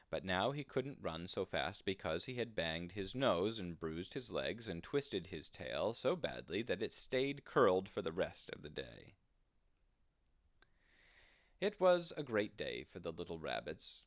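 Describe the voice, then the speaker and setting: A man reading a children's storybook aloud in an expressive, sing-song storytelling manner. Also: sits low, no echo, clean studio sound.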